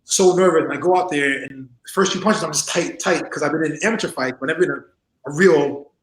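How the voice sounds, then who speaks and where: Poor audio in an echoey room captures a man in his forties, a former wrestler, talking fairly quickly at a fairly high pitch. He tells stories in a casual interview, laughing often. He acts out other people's voices as an animated storyteller.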